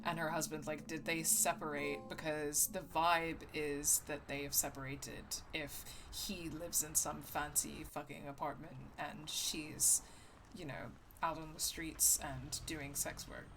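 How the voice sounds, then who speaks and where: A woman's voice: sits low, level tone, unhurried, over music. A woman hosting a let's play, giving wry, self-mocking commentary with casual swearing.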